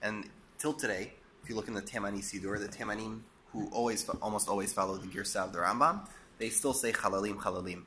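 A man teaching a Torah class, explaining and posing rhetorical questions, a bit hoarse and coughing as he loses his voice. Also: fairly low pitch, fast, few pauses, pushed and bright, slight background noise. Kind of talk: lecture.

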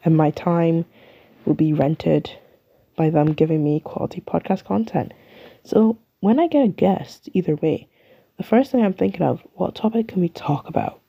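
A woman's voice: lowish voice, normal speed, creaky, husky, muffled recording. A young woman from the UK with an English accent, chatting and rambling through her solo podcast in a self-mocking way. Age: young adult. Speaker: podcast host. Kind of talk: casual solo podcast chat.

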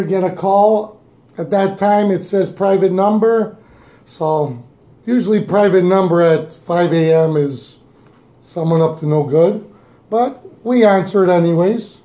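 A man's voice: high voice, dark tone, roomy sound. A young man co-hosting a podcast, telling a story in a laid-back casual way and chuckling often. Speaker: podcast co-host. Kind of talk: casual chat.

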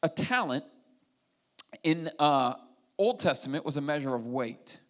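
A man delivers a sermon in a slightly high-pitched voice. He preaches with animation, acting out the dialogue of the story and breaking off into asides for his listeners. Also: expressive, unhurried, a bit bright. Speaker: pastor.

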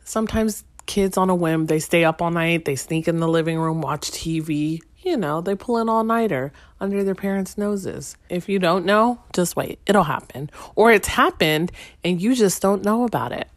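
A woman's voice: lowish voice, moderate pace, no room sound. A woman in her thirties, a stay-at-home mom, telling a casual wry story straight to her listeners.

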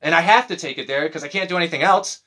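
A man with a bright, ringing voice that sits a little high, swearing freely as he tells his stories. He slips into mocking voices to act out the people in them, and he keeps the talk loose and lively. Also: quick pace. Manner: profane, animated storytelling with mocking voices. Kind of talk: casual chat.

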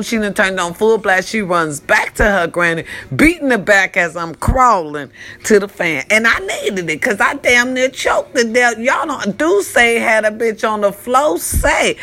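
An older woman telling a dramatic story to her viewers, animated, swearing freely and drawling for emphasis. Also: medium pitch. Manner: talks straight to her viewers. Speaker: vlogger. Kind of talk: storytelling vlog.

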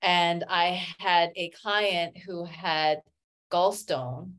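A woman with a lower voice recounts her healing work as an interview guest. She tells her stories with animation and leans on fillers like "you know" as she goes. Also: fairly even intonation, extremely slow, fairly bright tone. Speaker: acupuncturist and spiritual healer, guest. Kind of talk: casual interview storytelling.

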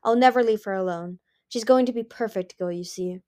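A woman's voice: mid-range voice, fairly quick, dark tone, natural voice. A woman reading the lines of a grief-stricken sea dragon queen, cold and fiercely determined.

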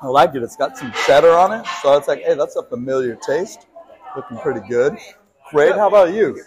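A man with a slightly high voice co-hosts a laid-back podcast, joking and laughing as he talks. He is a pastor recorded at a brewery. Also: animated, fairly quick, a crowd in the background, poor audio. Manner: jokey, laughs often. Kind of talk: casual podcast banter.

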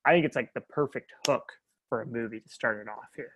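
A man in his thirties co-hosting a podcast, talking in a rambling, animated way and laughing often. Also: medium pitch, fairly quick, a little hiss or hum. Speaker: podcast co-host. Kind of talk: casual chat.

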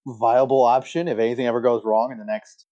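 A man's voice: mid-range voice, flat delivery, a little fast, dark tone. Young man on a dull lo-fi mic. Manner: hesitant, filler-heavy storytelling. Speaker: podcast co-host. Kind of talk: casual chat.

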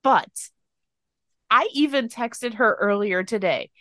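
A woman's voice: fairly high pitch, takes it slowly, a bit bright, no echo, studio quality. A woman co-hosting a casual book podcast, blunt and sweary in her opinions. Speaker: podcast co-host. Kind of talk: casual book review chat.

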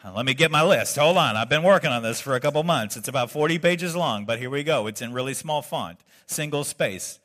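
A man's voice: medium pitch, animated, fairly quick, few pauses, a bit bright, close to an everyday voice. A man voicing a teasing spouse who has a long list of complaints, in a joking, mock-exasperated tone.

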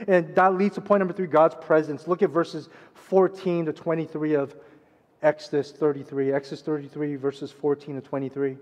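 A pastor preaching a sermon, swinging between loud urgent passages and hushed quiet ones. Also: male voice, a little high, level tone, moderate pace. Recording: long reverb of a large hall.

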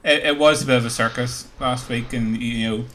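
A man in a casual panel discussion who tends to trail off quietly. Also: mid-range voice, fairly even intonation, brisk.

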